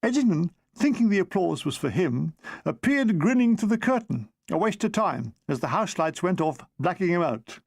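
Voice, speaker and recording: Male audiobook reader, high and gravelly, dry close sound, expressive comic delivery. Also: moderate pace, no room sound. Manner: expressive reading with comic timing. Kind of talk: audiobook narration of a war memoir.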